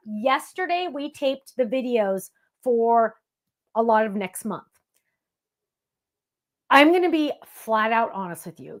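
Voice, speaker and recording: Bubbly, gushing woman with a higher voice. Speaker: craft show host. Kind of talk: casual livestream chat.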